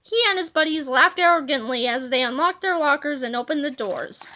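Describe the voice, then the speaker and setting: Lady reading a kids book out loud, high voice, lively. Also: brisk, background noise. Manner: animated storybook reading. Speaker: reader. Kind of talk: reading a children's book aloud.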